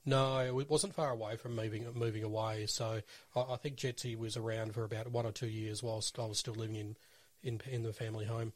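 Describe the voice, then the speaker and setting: A middle-aged Australian man from Western Australia, calmly reminiscing in easygoing chat. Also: on the low side, a little fast, no echo.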